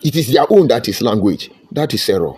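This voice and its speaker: A man's voice: mid-range voice, very animated, brisk, darkish tone, slightly rough. A man with a Nigerian accent giving an impassioned, preachy monologue, repeating his points with emphasis. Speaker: online commentator.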